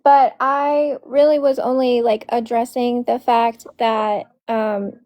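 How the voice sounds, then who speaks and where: Higher-voiced woman, earnest and quick. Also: little pitch movement, darkish tone. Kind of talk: live stream discussion.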